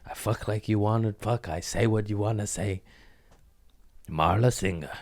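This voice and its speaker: A man with a lowish voice rants on a podcast into a studio mic. He talks in a loud, rambling, profane way and often laughs at his own jokes. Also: moderate pace. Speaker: podcast host. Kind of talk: casual profane podcast rant.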